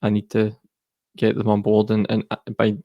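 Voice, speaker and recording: A man's voice: on the low side, completely flat delivery, moderate pace, gravelly, dry recording, dull audio. A Scottish man speaking as an interview guest, earnest and reflective. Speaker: guest, mental health charity co-founder. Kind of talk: personal interview talk.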